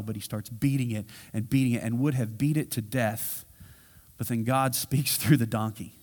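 A pastor preaching in a large church hall, his mid-pitched voice trailing off into long reverb. He tells the story with animated energy, sometimes dropping low and quiet. He acts out the characters' lines as he goes. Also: moderate pace. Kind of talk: sermon.

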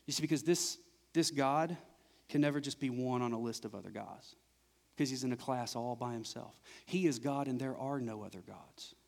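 A man's voice: medium pitch, moderate pace, vocal fry. Emphatic male pastor preaching in a reverberant church. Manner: preaching with rising, emphatic repetition. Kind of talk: sermon. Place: church sanctuary. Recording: church recording with long reverb.

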